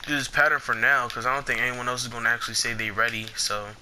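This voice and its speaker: A young man giving casual gameplay commentary, excitable and foul-mouthed, trash-talking the players he fights. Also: medium pitch, quick pace, a little hiss or hum. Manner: excitable, swears a lot, trash-talks opponents.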